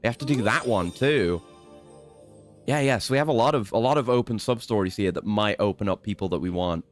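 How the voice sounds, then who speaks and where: A man's voice: fairly low pitch, brisk, soft background music. A man streaming a video game, rambling and swearing casually as he plans his next moves and mocks himself. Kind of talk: casual let's-play commentary.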